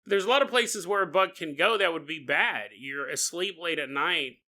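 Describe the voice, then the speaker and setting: A man hosting a comedic podcast, telling folklore with jokes, frequent laughter and quick silly voices. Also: on the high side, pushed and bright. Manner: jokey, laughs often, slips into quick silly character voices. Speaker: podcast host. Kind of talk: comedic paranormal storytelling.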